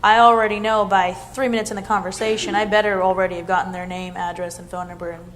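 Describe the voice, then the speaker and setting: A woman at an ordinary pitch talks earnestly about her phone work. Her manner is upbeat and plain, and she explains her approach step by step. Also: flat delivery, quick pace, fairly bright tone, slight background noise. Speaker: customer service representative. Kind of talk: casual interview chat.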